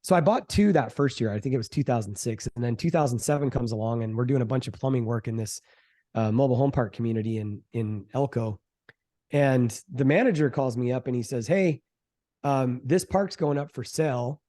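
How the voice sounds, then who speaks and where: A middle-aged man, a real estate investor, telling the story of his first deal in a casual interview, animated and quick to act out what others said. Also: medium pitch. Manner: animated storyteller, acts out quoted voices, fillers like "um" and "like".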